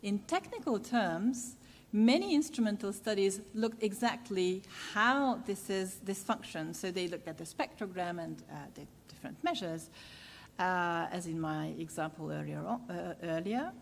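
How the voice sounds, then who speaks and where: Woman lecturer, mid-pitched, measured with many "uh" pauses, reverberant hall, faint rumble. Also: animated. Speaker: university lecturer. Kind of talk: academic lecture.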